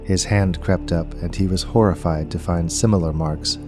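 A man reading a story aloud as narrator, in a measured, unhurried storytelling manner. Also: low voice, steady tone, music in the background. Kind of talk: scripted audiobook narration.

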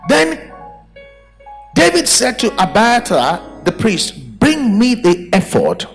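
Pastor guy preaching hard, voice swoops up and down, soft music behind. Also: sits high, slow pace, gravelly. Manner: animated, emphatic preaching with rhetorical questions. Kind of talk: sermon. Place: church service.

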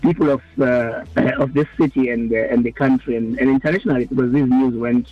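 A man's voice: mid-range voice, fairly even intonation, a little fast, dry recording, faint music behind. A man from South Africa, a stadium official on a radio interview, speaking hesitantly with many fillers. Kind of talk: on-air phone interview. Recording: dull lo-fi phone-in line.

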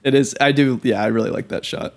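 A man's voice: medium pitch, steady tone, fast talker, vocal fry. A man with a mid-range voice co-hosts a casual film podcast. He is chatty and eager, and he sprinkles his talk with likes and ums. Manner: enthusiastic and chatty, with filler words. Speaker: podcast co-host.

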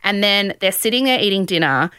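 A woman's voice: mid-range voice, animated, brisk, pushed and bright, smooth, no echo. A young woman recaps a show in casual podcast chat. She tells it with sarcastic asides and acts out the quotes as she goes. Her voice sits in a middle range, and it is recorded close and dry with no room sound. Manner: sarcastic storytelling, acting out quotes. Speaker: podcast host.

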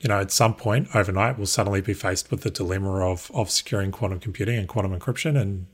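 A man with a New Zealand accent, cohosting a podcast in thoughtful, measured casual chat. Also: on the low side, breathy edge. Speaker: guest cohost.

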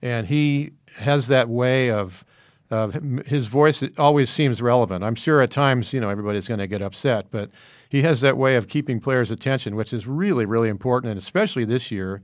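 A man's voice: medium pitch, fairly quick, no room sound, studio quality. A man talking through basketball analysis in casual discussion, rambling with many fillers and restarts.

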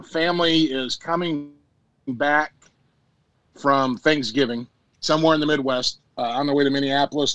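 A man's voice: mid-range voice, fairly bright tone, no room sound, low-quality recording. A man hosting a podcast over a remote call, recapping a movie in a rambling, laid-back way with crude jokes and many fillers. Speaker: podcast host.

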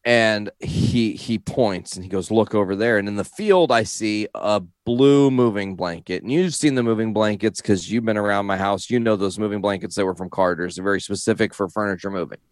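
A young man with a lowish voice tells a long story in loose, casual chat. He rambles, swears freely and keeps cracking up as he goes. The sound is close and dry, with no room behind it. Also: brisk, few pauses, no echo. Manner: rambling, profane, breaks into laughter. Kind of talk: casual anecdote.

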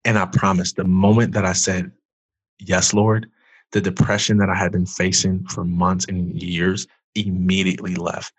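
A man, a former athlete and author, earnestly telling his personal story as a guest, loose and full of "like", turning loud when he acts out past outbursts. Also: deep voice, little pitch movement, moderate pace, few pauses, husky, no room sound. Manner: earnest, loose, heavy use of "like".

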